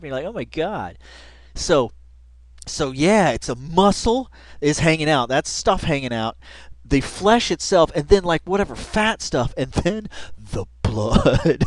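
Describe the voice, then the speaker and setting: A man's voice: fairly high pitch, no echo, studio quality. A man casually commenting on a video as he watches it, laid-back, laughing often and saying dude and man a lot. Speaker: reaction video host.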